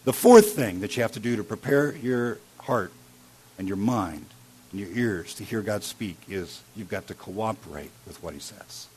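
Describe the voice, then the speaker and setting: A man preaching a sermon as a pastor, telling a personal story and swinging between loud emphasis and hushed, quiet lines. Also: lowish voice, normal speed, breathy edge. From Iowa.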